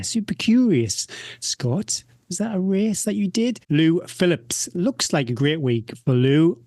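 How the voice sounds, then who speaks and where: A man's voice: on the high side, darkish tone, dry recording. Dry-humoured man podcast co-host. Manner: dry, joking, rattles through stats. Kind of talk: casual podcast chat and listener shout-outs.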